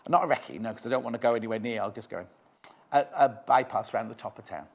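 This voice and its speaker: On a live shopping channel in a TV studio, a man pitches fabric, his medium-pitched, gravelly voice moving quickly. The recording is muffled, and he chats in a rambling, playful way between prices.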